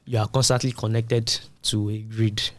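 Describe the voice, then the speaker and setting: A man with a fairly low voice talks through a topic on a podcast, casual and explanatory. The sound is dry and close, with little room echo. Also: level tone, moderate pace. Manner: explanatory, uses everyday analogies. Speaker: podcast co-host. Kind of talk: casual tech discussion.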